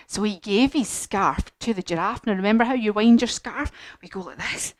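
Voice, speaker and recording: A woman leading a children's yoga lesson as a story, animated and encouraging. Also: medium pitch, moderate pace, no room sound. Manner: animated, encouraging, sing-song. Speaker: kids yoga teacher.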